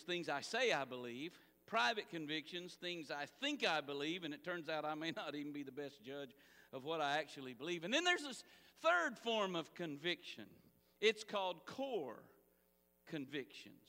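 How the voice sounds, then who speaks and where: A man preaching a sermon as pastor, animated and calling out to the congregation. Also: on the high side, normal speed, big-room sound. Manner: animated preaching with audience call-outs.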